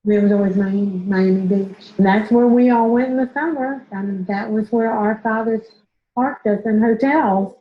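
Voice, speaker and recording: A woman from Tampa reminiscing in a documentary interview, reflective and unhurried. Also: mid-range voice. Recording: dull lo-fi film clip.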